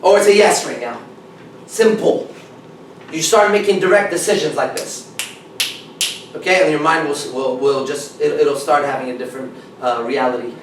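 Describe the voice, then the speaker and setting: A man's voice: fairly high pitch, normal speed. A man coaching a small group, talking bluntly and with heavy swearing. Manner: blunt, profane, emphatic. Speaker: dating coach. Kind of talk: seminar talk to a small group. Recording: echoey room, mic far off, faint noise.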